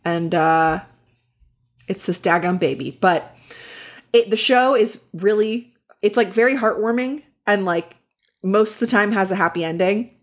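A woman's voice: mid-range voice, measured pace. A woman co-hosting a book podcast in casual chat, chatty and frank, with lots of fillers. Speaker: podcast co-host.

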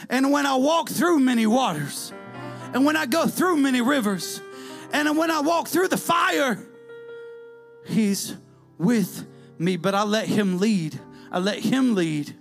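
A man preaching a sermon, who repeats his phrases, calls out to the congregation, and breaks into shouts and sung lines. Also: very high-pitched, animated, unhurried, gravelly, soft background music. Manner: call-and-response, repetitive, bursts into shouts and sung lines.

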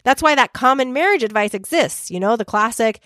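A woman's voice: fairly high pitch, fairly quick, no echo, studio quality. A young adult woman hosting a podcast, talking earnestly and telling stories in a scripted monologue. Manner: earnest, animated storytelling. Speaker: podcast host and volunteer trainer.

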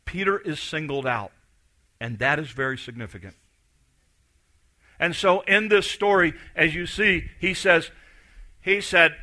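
Bright-voiced man preaching a sermon. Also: unhurried, pauses often. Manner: storytelling, acts out voices, drops to soft low emphasis. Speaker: pastor.

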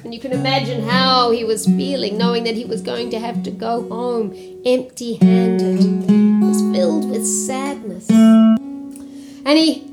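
A woman telling a children's folk tale in a lively, expressive way, sometimes slipping into a sing-song lilt. Her voice sits a little higher than most women's, with guitar music playing clearly behind her. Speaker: storyteller. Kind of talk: storytelling for children.

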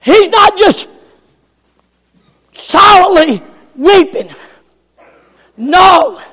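Very high-voiced, slow, shouting male preacher. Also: expressive. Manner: impassioned, shouted preaching with repeated phrases. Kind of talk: sermon. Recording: echoey church hall with long reverb.

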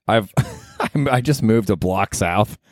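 A man's voice: lowish voice, slow, no echo, clean studio sound. Profane, self-mocking male podcast host. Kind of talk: casual solo podcast monologue. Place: his apartment.

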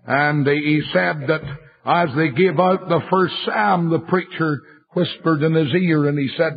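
An older man preaches with fervour, his gravelly, husky voice climbing into bursts of shouting as he tells revival stories. The recording is muffled and lo-fi, and his voice sits a little high for a man. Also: measured pace. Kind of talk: fiery revival sermon with anecdotes.

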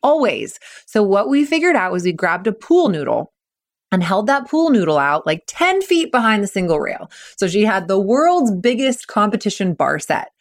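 Woman coach talking on her podcast, upbeat and encouraging, does little voices for kids and coaches, medium pitch. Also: normal speed. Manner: energetic, acts out kids' and coaches' voices in quotes. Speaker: mental performance coach. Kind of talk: solo podcast talk.

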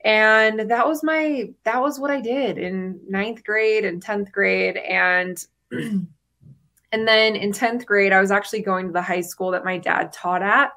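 A woman's voice: mid-range voice, unhurried, sharp tone. A woman in her thirties sharing her personal story as a podcast guest, chatty, with frequent fillers and laughs between phrases.

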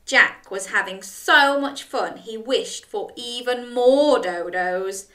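Woman storyteller for children: animated, unhurried, bright; roomy distant recording. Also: fairly high pitch. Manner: animated, gasping, invites children to join in.

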